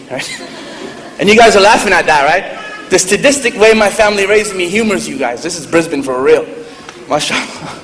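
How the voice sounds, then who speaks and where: A man telling funny stories to an audience in a lively, joking manner. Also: high-pitched, normal speed. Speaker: speaker at a public event. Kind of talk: humorous storytelling talk. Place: large hall with audience. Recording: echoey hall, faint noise.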